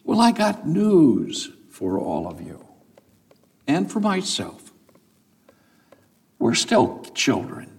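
A male pastor preaching a sermon in an unhurried, deliberate way. His voice has a gravelly edge, and his pitch swings widely as he tells stories and rises to emphatic peaks while speaking straight to his congregation. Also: wildly swooping pitch. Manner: addresses the congregation directly, with storytelling asides.

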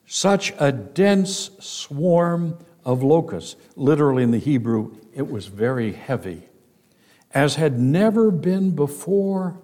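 A man's voice: medium pitch, warm tone. A man teaching through a Bible passage, stressing key words with firm emphasis. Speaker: pastor.

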